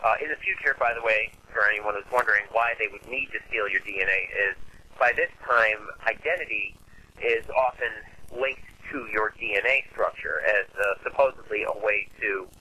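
A man's voice: on the low side, brisk, bright, forceful tone, breathy edge, low-quality recording. A man in casual conversation, explaining a film's ideas at length in a thoughtful way, with many fillers. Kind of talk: casual film discussion.

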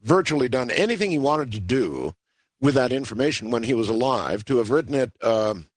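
A man's voice: mid-range voice, lively intonation, fairly quick, dry recording. A man hosting a radio interview, asking probing questions in a conversational way and often repeating words. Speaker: radio host.

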